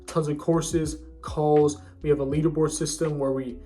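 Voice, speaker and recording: A man's voice: fairly high pitch, little pitch movement, normal speed, warm tone, faint music behind. A young man giving casual self-improvement advice in a bro-ish, slangy way, often restarting his sentences. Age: young adult.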